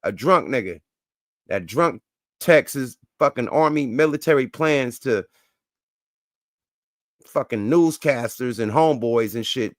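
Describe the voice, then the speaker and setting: A man's voice: mid-range voice, expressive, measured pace, long pauses, dry recording. Guy riffing on news clips, cussing, punchy catchphrases, dry close mic. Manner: loose, profane, emphatic with catchphrases. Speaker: host reacting to clips. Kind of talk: casual commentary.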